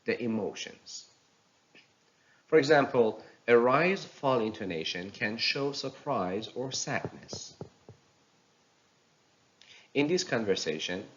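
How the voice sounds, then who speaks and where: A man with a fairly low voice teaches a recorded pronunciation lesson. He speaks slowly and deliberately, and his pitch swings widely as he demonstrates intonation. The recording sounds dull and lo-fi. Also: fairly bright tone. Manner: slow, deliberate explaining with exaggerated demo intonation.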